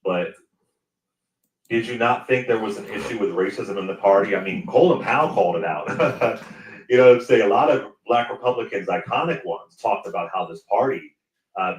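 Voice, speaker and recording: A man's voice: fairly low pitch, moderate pace. A man co-hosting, questioning a guest insistently and repeating his questions. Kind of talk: interview questioning. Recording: echoey room, far from mic.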